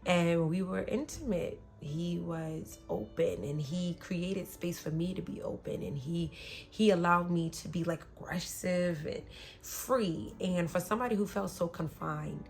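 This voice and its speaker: A woman podcast host openly recounting an abusive relationship, blunt and emotional, sometimes dropping to a hush and sometimes rising sharply. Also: fairly low pitch, a little slow, soft background music. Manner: blunt, emotional, swings between soft and loud. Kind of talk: candid personal storytelling.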